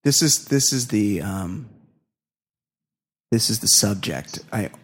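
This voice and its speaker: A man hosting a comedy podcast, bantering excitably with lots of swearing. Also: on the low side, slow pace, breathy edge. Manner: profane, excitable, laughing banter. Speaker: podcast host. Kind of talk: casual comedy podcast chat.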